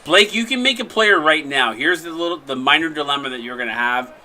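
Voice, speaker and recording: Male stream host and play-by-play caller, very bright tone, chatty and jokey, faint noise behind. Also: on the high side, fairly quick, low-quality recording. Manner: chatty, jokey, breaks into excited shot calls. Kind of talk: casual live-stream commentary.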